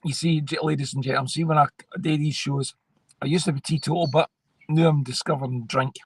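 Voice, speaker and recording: A man's voice: on the high side, fairly even intonation, fairly quick, breathy edge. A man with a Scottish accent co-hosting a casual chat and agreeing with the host in short replies.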